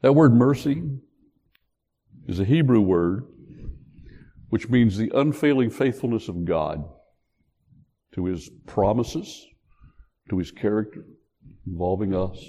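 Animated older man preaching in a reverberant hall. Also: on the low side, slow pace, pauses often. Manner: animated storytelling preacher, jokes with the congregation. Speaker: pastor. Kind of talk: sermon.

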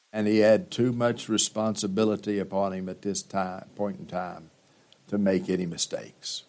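A man's voice: fairly low pitch, darkish tone. A male pastor preaching a sermon, retelling scripture in a dramatic storytelling manner with rising emphasis.

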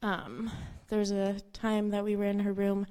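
A woman's voice: medium pitch, flat delivery, normal speed, dark tone, clean tone. A woman giving a eulogy for the woman she took as her grandmother, telling personal stories, acting out quotes and laughing through tears.

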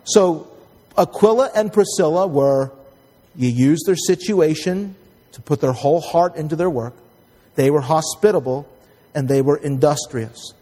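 A man's voice: on the high side, unhurried, warm tone, big-room sound. A man preaching a sermon, emphatic and calling out to the congregation for responses. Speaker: pastor.

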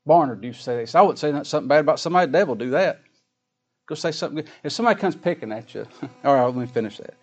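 A middle-aged man preaching a sermon, folksy, swinging from loud emphatic scripture reading to quiet asides. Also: on the high side, lively intonation, rapid-fire. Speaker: pastor.

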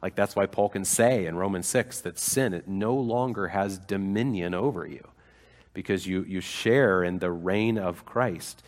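Male pastor, lower register, conversational sermon with fervent peaks, long hall reverb. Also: measured pace. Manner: conversational preaching with fillers, rising to fervent emphasis.

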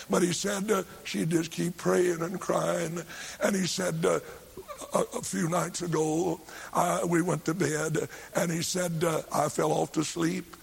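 An older preacher with a gravelly, raspy voice that sits high for a man. He tells a revival story with fervor, building to shouted lines when he voices the people in it. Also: little pitch movement, unhurried. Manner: fervent, rising to shouts when quoting.

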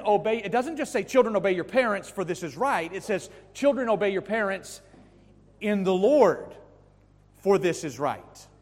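A man preaches with insistent emphasis, his fairly high voice rising on key words and dropping to near hushes. The sermon rings out through a large hall with a long, lingering reverb. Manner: emphatic, swings from loud to hushed. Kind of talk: sermon to young people.

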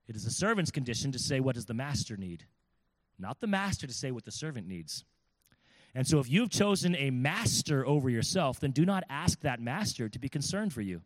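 A man preaching a sermon, reading scripture aloud and explaining it, with swings between loud emphasis and hushed asides. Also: mid-range voice, long reverb tail. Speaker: pastor.

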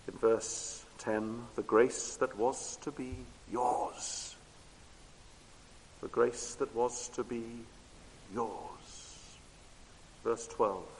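A man preaching a sermon with emphatic repetition, moving between loud declarations and hushed low tones. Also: creaky, slight background noise. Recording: long hall reverb.

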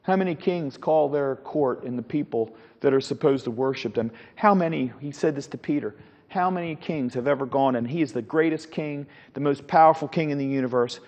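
A high-voiced man with a darkish tone teaches a Bible lesson as a Sunday school teacher in a church classroom. He's emphatic and repeats words while searching for phrasing, and the recording sounds dull and reverberant, like a hall.

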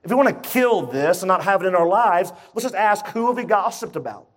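A man with a fairly high voice preaches to his church. He talks in an emphatic, conversational way and keeps turning to the listeners with rhetorical questions. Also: expressive, a little fast. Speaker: pastor. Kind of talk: sermon.

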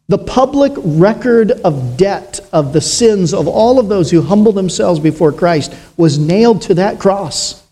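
Slow, solemn man preaching. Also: high voice, mellow. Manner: slow, solemn preaching with dramatic pauses and rising emphasis. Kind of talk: sermon.

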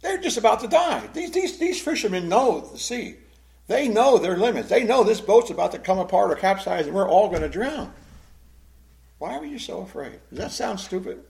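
A man's voice: high-pitched, sing-song, normal speed, vocal fry, darkish tone. A man preaching a Bible-teaching sermon in a conversational way, often asking the congregation questions and repeating words as he goes. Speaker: pastor.

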